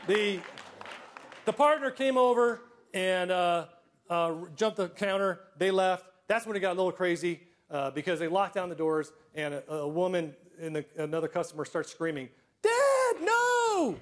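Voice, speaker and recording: A middle-aged man telling personal stories to a live audience, self-deprecating, with comic timing and frequent throat clearing. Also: high voice, normal speed, pauses often, some chatter behind. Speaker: storyteller.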